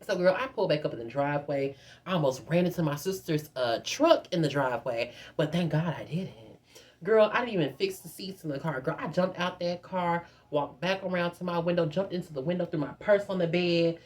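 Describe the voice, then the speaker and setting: A woman's voice: fairly low pitch, brisk, a little mellow. A young woman vlogger telling a dramatic, profane storytime straight to her viewers. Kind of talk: casual storytime.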